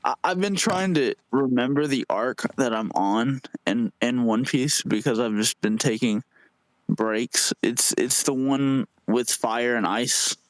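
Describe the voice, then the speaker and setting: A man's voice: mid-range voice, unhurried, no room sound, poor audio. A man guesting on a casual podcast, rambling and hesitant, repeating words as he thinks aloud. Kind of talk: casual chat.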